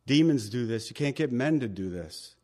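A man's voice: mid-range voice, animated, moderate pace, warm tone. A male pastor giving a verse-by-verse Bible teaching sermon, conversational and emphatic, with chatty asides to the congregation.

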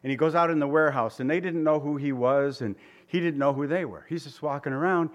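A man's voice: on the high side, quick pace, lo-fi sound. A man preaching a conversational sermon, asking his listeners questions and voicing quotes. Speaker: pastor.

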